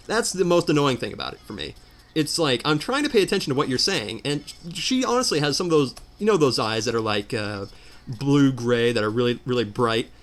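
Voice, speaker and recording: A man's voice: fairly high pitch, a bit bright. A man ranting in exasperated commentary while playing a video game. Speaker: let's player. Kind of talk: ranting commentary over gameplay.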